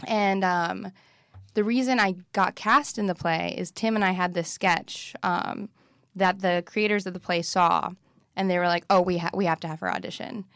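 A woman's voice: fairly low pitch, steady tone, moderate pace, a bit bright, dry recording, studio quality. A woman comedian and actress as a podcast guest, chatting animatedly and swearing freely, with many "like" fillers. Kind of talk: casual chat.

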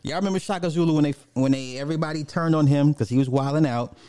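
A man's voice: on the high side, fast talker, dark tone, clean tone, no echo, clean studio sound. A man chatting casually on a live stream, reading out viewer comments and ranting, laughing often and swearing freely.

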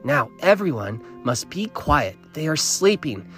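A man voicing a wary older woman guide who gives hushed, urgent warnings. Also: fairly high pitch, sing-song, a little slow, soft background music, pitched above the performer's own voice.

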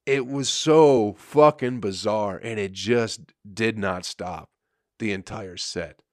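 A man's voice: on the low side, slow pace, no room sound, clean studio sound. A man, a comedian and podcast host, telling a rambling, profane story in casual chat with frequent laughter.

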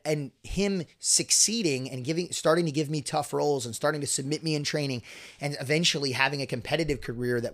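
A man's voice: medium pitch, a bit bright. A young man in a casual podcast chat, rambling with many fillers and frequent swearing. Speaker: guest co-host, grappler.

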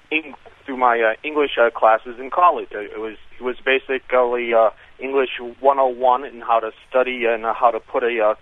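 A man calls in to a radio talk show, halting and filling his pauses with uhs. He comes through a tinny phone line that sounds dry and close. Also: medium pitch, dry recording. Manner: hesitant, with many uh fillers. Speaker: caller. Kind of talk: radio call-in.

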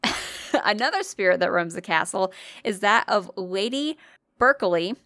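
A woman's voice: mid-range voice, animated, moderate pace, a bit bright, no echo, clean studio sound. A young woman co-hosting a casual podcast, telling ghost stories in a chatty way, swearing and laughing often. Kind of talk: casual chat.

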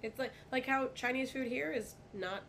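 A woman's voice: high voice, normal speed, a bit bright. Woman guest, bartender, candid and foul-mouthed, casual chat with faint hiss behind. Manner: candid, blunt and profane.

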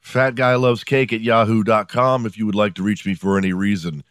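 A middle-aged man hosts his own podcast from home, riffing in a sarcastic, profane comic monologue. His voice sits fairly low. The sound is dry and close, with no room echo. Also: fairly even intonation, brisk, clear, resonant tone. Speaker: podcast host. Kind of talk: casual comedic monologue.

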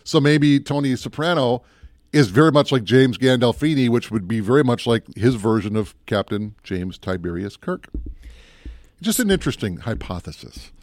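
With a darkish, mid-range voice and lively intonation, a male co-host of a casual film podcast moves at a moderate pace as he muses and rambles, breaking off mid-thought now and then. The sound is clean studio audio with no echo.

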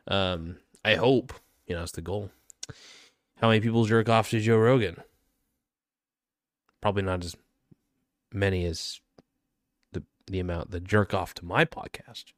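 A young man talks through a loose comic monologue on his podcast, boasting and then mocking himself, with plenty of "um"s along the way. His voice sits a little low. The sound is dry and close, with no room in it. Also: a little slow, long pauses, no room sound. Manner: joking, self-mocking bravado with many fillers. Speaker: podcast host. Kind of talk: rambling comedic monologue.

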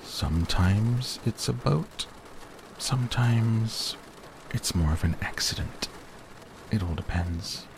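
Growly, proud little storybook bear, read by a man, low and gravelly. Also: slow. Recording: faint rain noise behind.

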